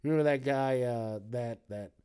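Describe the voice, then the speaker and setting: A man's voice: medium pitch, normal speed, warm tone, clean tone. A man hosting a podcast, riffing through the news alone in a loose, rambling way, full of swearing and joking asides. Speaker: podcast host. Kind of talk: casual solo news commentary.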